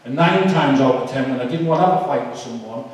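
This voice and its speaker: A man giving an emotional personal testimony, halting and full of fillers. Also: mid-range voice. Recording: echoey hall, far from the mic.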